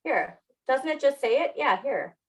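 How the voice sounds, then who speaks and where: A woman's voice: high voice, animated, unhurried, low-quality recording. A young adult woman co-hosting a podcast in casual chat, laughing often and teasing herself. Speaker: podcast co-host.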